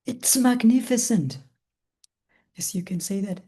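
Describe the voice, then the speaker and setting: A woman teaching English, reading a story aloud slowly and stopping to explain new words, asking questions and answering them herself. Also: on the high side, mellow, slightly rough. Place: language school classroom.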